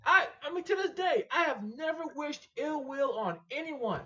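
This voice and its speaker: A machine shop owner appears as a guest on a casual podcast interview, speaking in a very high voice at normal speed over dull-sounding audio. He talks emphatically and with animation, repeating his points like he's preaching a sermon.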